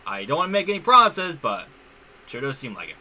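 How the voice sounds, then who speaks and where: Excitable young man, bright voice. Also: mid-range voice, quick pace. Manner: excitable, stumbling restarts. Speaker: gaming YouTuber. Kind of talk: casual gameplay commentary.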